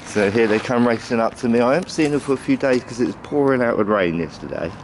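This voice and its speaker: A man's voice: mid-range voice, expressive, quick pace. Chatty man in his fifties. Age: 50s. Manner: chatty, rambling, calls out fondly to pigeons by name. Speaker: vlogger. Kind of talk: casual walk-and-talk vlog. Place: outdoors on an urban street. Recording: outdoor traffic noise behind.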